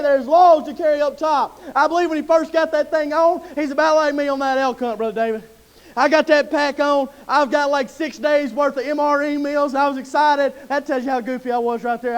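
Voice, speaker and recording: A man from Mississippi with a Southern accent preaching a sermon in a church, telling folksy stories in plain Southern talk. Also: extremely high pitch. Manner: folksy storytelling with Southern slang. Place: church sanctuary.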